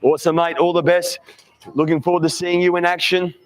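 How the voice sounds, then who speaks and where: Upbeat high-voiced grid announcer. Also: male voice, level tone, a little fast. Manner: upbeat, chummy, calls everyone mate. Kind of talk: trackside grid interviews. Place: outdoor kart track grid at night.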